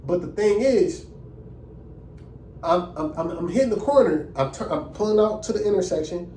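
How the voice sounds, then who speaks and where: Give me an animated young man with a high voice telling a story in a roomy, echoey space. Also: moderate pace, far from the mic, a little hiss or hum. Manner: animated and indignant, heavy slang. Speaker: vlogger. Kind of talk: casual storytelling.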